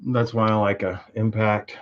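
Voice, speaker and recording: A man's voice: on the low side, little pitch movement, moderate pace, heavy background noise. Profane, rambling man in a workshop. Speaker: tool and engine video maker. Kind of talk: casual workshop demonstration. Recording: muffled audio with clear clicking.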